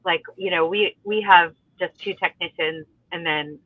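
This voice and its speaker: A woman's voice: fairly low pitch, steady tone, moderate pace, no echo. A woman co-hosting by phone from a parked car, upbeat and giggly. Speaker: co-host calling in. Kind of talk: casual chat. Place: parked car at a gas station. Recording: tinny phone line.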